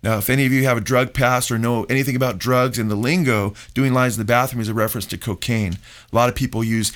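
A man's voice: mid-range voice, fairly even intonation, fast, a bit bright. A middle-aged man, a pastor hosting a radio talk show, preaching emphatically and calling his listeners folks.

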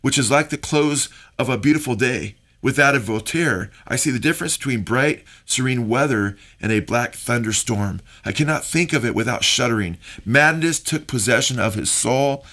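A man's voice: mid-range voice, fairly bright tone. Earnest man preaching on a radio show. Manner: earnest preaching tone with many fillers, rising when quoting. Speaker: radio show host and pastor. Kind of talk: radio talk show monologue.

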